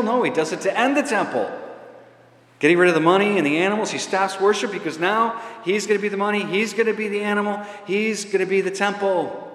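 Man preaching in an echoey church. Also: mid-range voice. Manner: lively preaching with rising emphatic runs and filler uhs. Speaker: priest. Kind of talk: sermon. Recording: echoey church hall, faint ambience.

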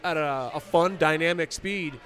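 A man's voice: fairly high pitch, unhurried, fairly bright tone, faint music behind. Encouraging ski coach, a man. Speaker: ski coach and exam selector. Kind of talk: outdoor interview.

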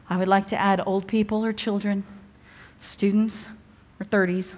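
A woman's voice: medium pitch, level tone, moderate pace, a little mellow. A woman giving a sermon as a guest preacher, chatty and humorous, often breaking off to restart or joke. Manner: chatty, humorous, self-interrupting. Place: church evening service.

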